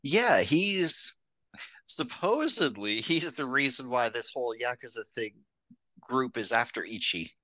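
A man's voice: medium pitch, measured pace, no room sound. A man co-hosting a film podcast, chatting casually and hedging his points. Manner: relaxed, hedging with "like" and "I think".

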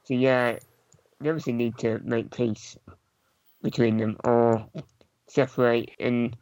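A man's voice: mid-range voice, steady tone, a little slow, darkish tone, dry recording. A man co-hosting a casual games podcast, speaking in a matter-of-fact, informative way. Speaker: podcast co-host.

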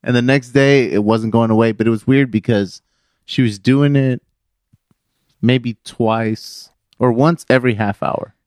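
A man's voice: medium pitch, steady tone, a little slow, darkish tone, no room sound, clean studio sound. A man in casual chat, laid-back and jokey, laughing along as he tells his story.

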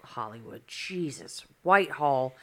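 A woman's voice: extremely low pitch, lively intonation, measured pace, pushed and bright. A woman co-hosting a podcast in casual chat, blunt and dry in her teasing. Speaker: podcast co-host.

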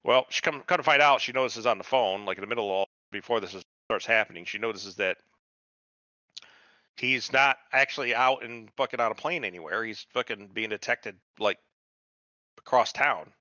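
A man's voice: fairly low pitch, moderate pace, sharp tone, no room sound, dull audio. A man co-hosting a podcast, casually retelling a TV show with heavy swearing and quoted voices. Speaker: podcast co-host. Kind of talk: casual chat recapping a TV show.

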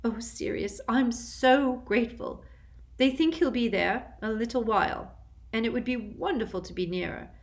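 A woman's voice: on the high side, moderate pace, pitched above the performer's own voice, close to an everyday voice. A woman voicing a kind, emotional middle-aged mother witch who speaks earnestly and gushingly. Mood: grateful.

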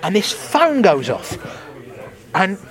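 Comedian guy telling gig stories, high lively voice, swears a lot, laughs a lot. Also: slow. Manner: animated storyteller acting out crowd voices, swearing, laughing often. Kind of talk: casual chat, anecdotes.

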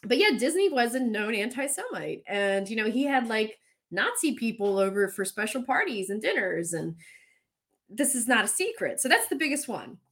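A woman's voice: a little high, big pitch swings, normal speed, fairly bright tone. A woman hosting a casual chat, talking candidly and swearing now and then as she runs through what she looked up. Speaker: host.

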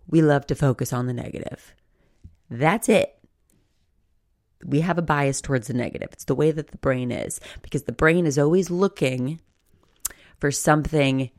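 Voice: mid-range voice, no echo, clean studio sound. A podcast host explaining casually in loose, chatty talk, swearing freely and acting out inner voices.

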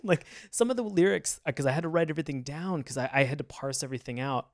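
A man co-hosting a podcast in casual chat, rambling and animated, laughing often. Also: fairly high pitch, quick pace, no echo, studio quality. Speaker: podcast co-host.

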